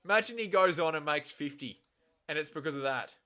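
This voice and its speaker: Casual male stream host with a slightly high voice, reacting live to a match and turning loudly exasperated. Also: lively intonation, fairly quick. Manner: swings from quiet muttering to loud, exasperated outbursts; blunt and swears casually.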